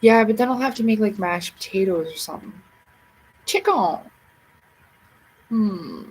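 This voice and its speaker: A woman's voice: mid-range voice, fairly quick, darkish tone, a little hiss or hum, poor audio. A woman hosting a livestream, rambling casually to herself and her viewers in a chatty way. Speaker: livestream host.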